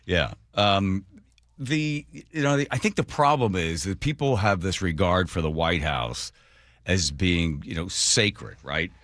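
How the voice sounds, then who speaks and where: A man hosting a talk radio show in a studio, chatting casually and telling stories, acting out quotes in a high voice and laughing often. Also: measured pace, no room sound. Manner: animated storyteller, acts out quotes in a high voice, laughs a lot. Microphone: studio microphone.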